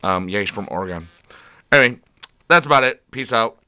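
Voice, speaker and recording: Rambling man with a sharp voice. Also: fairly low pitch, lively intonation, fairly quick, clear, resonant tone, dry recording. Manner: rambling, frustrated, filler-heavy. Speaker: TV episode reviewer. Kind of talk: casual video review.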